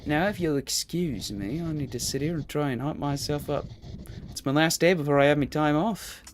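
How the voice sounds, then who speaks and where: A man's voice: mid-range voice, steady tone, quick pace, a little hiss or hum, close to an everyday voice. A man voicing a weary male postman from the underworld, using a shaky put-on accent and rambling.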